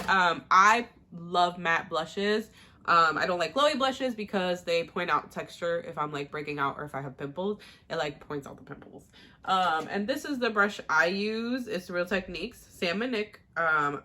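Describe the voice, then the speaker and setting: A young woman giving a casual, rambling makeup tutorial at home, with lots of "like" and quick asides. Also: lowish voice, sharp tone. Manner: chatty, rambling, uses "like" a lot. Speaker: beauty vlogger.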